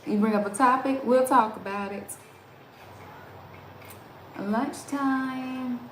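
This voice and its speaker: A woman's voice: on the high side, slow, fairly bright tone, echoey room, slight background noise. A woman with a Southern American accent, hosting a casual live stream and chatting with viewers, greeting them by name and laughing often. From Southern United States.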